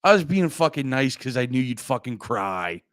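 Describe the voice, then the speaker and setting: A man's voice: mid-range voice, sing-song, normal speed, fairly bright tone, clear, resonant tone, no echo, clean studio sound. A man streaming live, chatting casually and brashly teasing his viewers, swearing often. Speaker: livestreamer. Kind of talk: casual livestream chat. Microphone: close desk mic.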